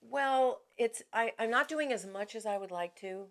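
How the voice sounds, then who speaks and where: A woman's voice: a little high, normal speed, a bit bright. A middle-aged woman voice actor answering interview questions in a chatty, self-deprecating way, often restarting her sentences.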